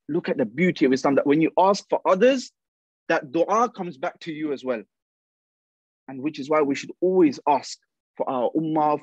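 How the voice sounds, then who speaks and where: A man's voice: fairly high pitch, darkish tone, no echo. A man giving an earnest religious talk to young people. He repeats key phrases and speaks directly to his listeners. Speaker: youth speaker. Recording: dull, dry recording.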